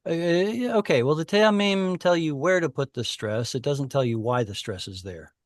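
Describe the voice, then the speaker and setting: A man teaching a Hebrew class online over a video call, explaining patiently and thinking aloud with pauses. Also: mid-range voice, animated, no room sound, studio quality.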